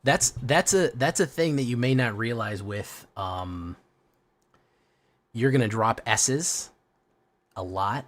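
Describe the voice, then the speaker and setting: A man's voice: mid-range voice, slow pace, pauses often. A man streaming a card game, chatting casually with viewers in a rambling, profane way. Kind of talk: casual live-stream chat.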